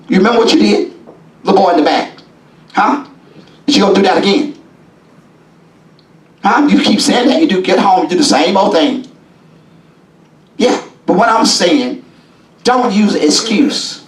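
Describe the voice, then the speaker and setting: A man preaching a sermon as bishop in a church, folksy and call-and-response, rising now and then into shouts. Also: high-pitched, lively intonation, unhurried, long pauses. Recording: echoey church from a distance.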